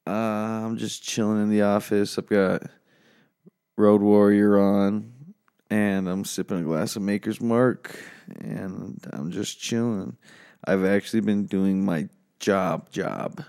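A man with an American accent hosting a casual late-night solo podcast from his home office, talking low and quiet in a rough voice, laid-back and rambling, swearing often. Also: fairly even intonation, takes it slowly. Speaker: podcast host.

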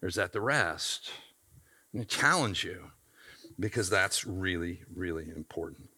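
A man's voice: deep voice, lively intonation, moderate pace, bright, forceful tone, slightly rough. A man pastor delivering a sermon in an emphatic, conversational way.

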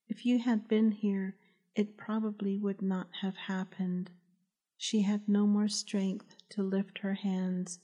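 A woman, the author, reading her novel aloud as calm, measured audiobook narration. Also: mid-range voice.

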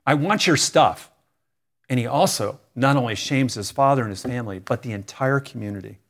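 Guy preaching a sermon, earnest, leans hard on words, pauses for effect, middle pitch. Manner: earnest, emphatic preaching with dramatic pauses and repetition. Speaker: pastor.

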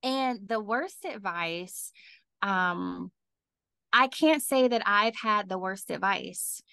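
Bright, animated woman author. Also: slow, vocal fry, clear, resonant tone, no room sound. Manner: animated, laughs often, pitch jumps up when excited. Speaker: author and guest. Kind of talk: podcast interview.

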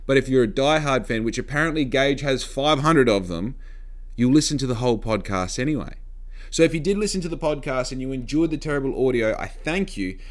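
A man's voice: medium pitch, animated, a little fast. A man casually vlogging to camera, blunt and sarcastic, swearing freely, recorded on a phone mic. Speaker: podcaster and vlogger. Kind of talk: casual talking-to-camera vlog. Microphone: phone microphone.

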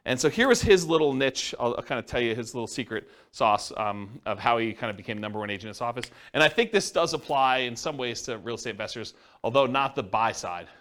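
Fast-talking man teaching a class. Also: medium pitch, lively intonation, fairly bright tone. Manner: casual, rambling, self-described introvert. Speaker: real estate investing instructor. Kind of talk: classroom lecture. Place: meeting room with a live audience.

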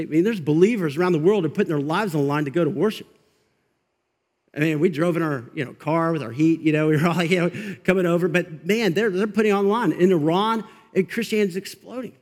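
Fired-up male pastor, high voice, big hall. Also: brisk. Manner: energetic, fired up, conversational with frequent asides. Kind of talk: sermon. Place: church sanctuary.

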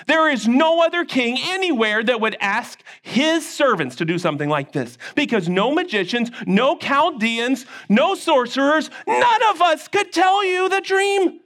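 A man's voice: very high-pitched, big pitch swings, normal speed, hardly any pauses, a bit bright, heavily acted. Man doing frightened pleading court wise men. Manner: pleading protests. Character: nervous royal wise men, grown men, pleading.

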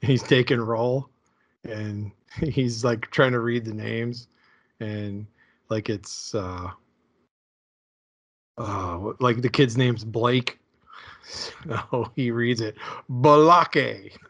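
Male co-host, casual, chatty, quick interjections. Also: medium pitch, fairly even intonation. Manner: chatty, quick interjections, retells comedy sketches. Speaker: podcast co-host. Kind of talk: casual chat.

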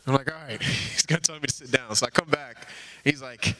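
Earnest young man with a bright voice. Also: mid-range voice, brisk. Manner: earnest, heavy use of "like" as filler. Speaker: church speaker giving a testimony. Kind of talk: informal sermon testimony.

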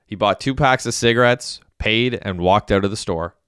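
A man reads a novel as an audiobook narrator, his voice low, smooth and resonant. He tells the story evenly and steadily at normal speed, recorded on a close mic in a dry room with no echo.

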